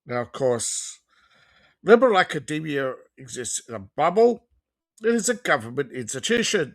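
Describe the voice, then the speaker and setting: A woman hosts a reaction commentary in a sarcastic, mocking tone. She talks slowly and lets her pitch rise and fall widely. Her voice is bright and fairly high. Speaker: host.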